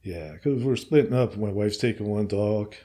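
A man's voice: lowish voice, moderate pace, dark tone. A man hosting a podcast in casual chat, offhand and jokingly boastful. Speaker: podcast host.

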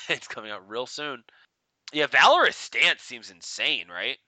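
A man's voice: mid-range voice, very animated, unhurried, sharp tone, no echo. A man co-hosting a casual podcast, rambling and laughing as he tells stories, with lots of fillers. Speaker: podcast co-host.

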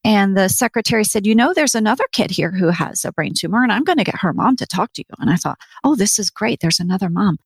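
A woman's voice: medium pitch, animated, fast, gravelly, hardly any pauses, breathy edge, dry recording. A middle-aged woman telling a personal story in an interview, earnest, acting out what people said. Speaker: interview guest.

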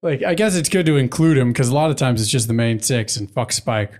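A man's voice: mid-range voice, expressive, fairly quick, a little mellow. A man hosting a casual podcast chat, laid-back and profane, checking his notes as he talks. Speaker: podcast host.

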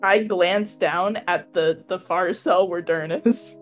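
Casual tabletop player, mid-pitched voice. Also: steady tone, takes it slowly, soft background music. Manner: casual, asks rules questions. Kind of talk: casual tabletop game chat.

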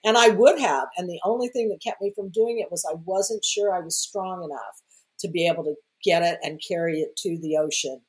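A woman being interviewed as a guest, telling stories in a lively, conversational way and acting out the voices of the people in them. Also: on the low side, a little fast, low-quality recording. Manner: animated, acts out quoted voices. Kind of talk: conversational storytelling.

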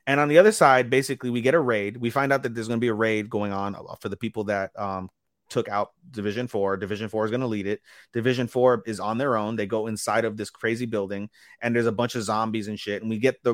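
A man co-hosting a podcast, telling a rambling, animated recap that quotes characters and swears freely. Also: lowish voice, fast talker, no echo, clean studio sound. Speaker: podcast co-host. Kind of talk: casual chat recapping anime.

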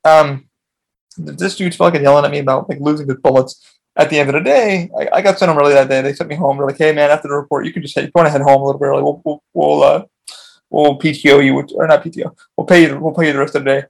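Man, podcast host, gravelly, husky, profane, rambling casual storytelling. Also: a little high, steady tone, fast. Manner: profane, rambling, frequent restarts.

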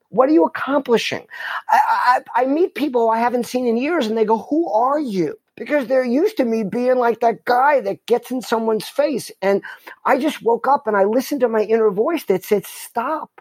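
A man's voice: high-pitched, darkish tone, dry recording. A middle-aged man from New York, a podcast guest telling a personal story in a candid, emphatic way, often restarting his sentences. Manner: emphatic, self-interrupting, heartfelt.

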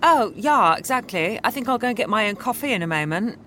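A woman's voice: a little high, expressive, fairly quick, pushed and bright, slight background noise. A woman chatting casually in a recording studio, breezy and distracted. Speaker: studio colleague.

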